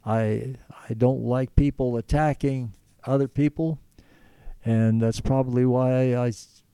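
An older man speaks earnestly in an interview, wandering from thought to thought with frequent restarts. His voice is very dark and gravelly, at a middling pitch, and the sound is dry and close. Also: fairly even intonation, measured pace, no echo. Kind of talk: storytelling in conversation.

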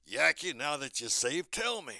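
A man in his nineties voicing a big, gentle, protective male cartoon bulldog. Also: a little high, very animated, normal speed, creaky, no room sound, studio quality, heavily acted. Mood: coaxing. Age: 90s. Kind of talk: cartoon voice demonstration.

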